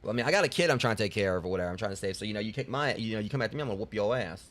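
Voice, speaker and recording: A man's voice: lowish voice, expressive, very fast, a bit bright. A male live streamer chatting casually with his viewers in a rambling, joking way.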